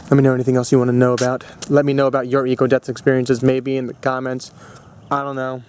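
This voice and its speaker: A young man vlogging, telling a long personal story in a rambling way, full of fillers and restarts, with bursts of excitement. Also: medium pitch, a little hiss or hum. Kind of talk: casual storytelling vlog.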